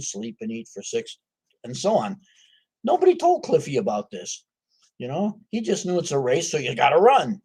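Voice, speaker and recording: A man telling a story in a folksy, animated way, full of asides to his listeners. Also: mid-range voice. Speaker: author. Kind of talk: storytelling to a live audience.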